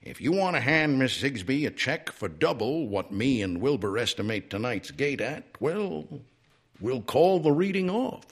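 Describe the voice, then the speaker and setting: A man's voice: medium pitch, big pitch swings, unhurried, husky, pitched above the performer's own voice, full character voice. A man reading the part of a brash, wisecracking talking horse in a cheeky, breezy manner.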